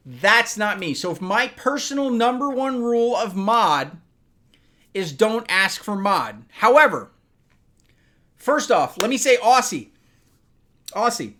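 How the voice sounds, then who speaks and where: A man's voice: high-pitched, a bit bright. A man hosting a casual live stream, rambling as he talks to his viewers and moderators by name, a little loose from bourbon.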